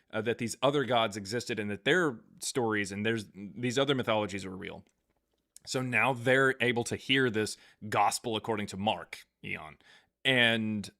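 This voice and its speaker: A man hosting a live stream, reading viewer questions aloud and answering in a halting, think-aloud way with many fillers and restarts. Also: on the low side, sharp tone, no echo, clean studio sound.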